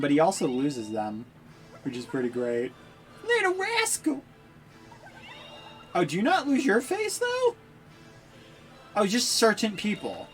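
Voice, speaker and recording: A young woman streamer giving playful, laughing commentary while playing a game. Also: deep voice. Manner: playful, laughing, lively asides.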